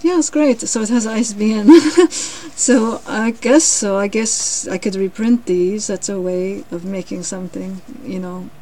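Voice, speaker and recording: Chatty woman with a mellow voice. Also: mid-range voice, measured pace, low-quality recording. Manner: chatty, rambling asides, frequent laughter. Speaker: reader sharing her grandmother's books. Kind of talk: casual reading vlog.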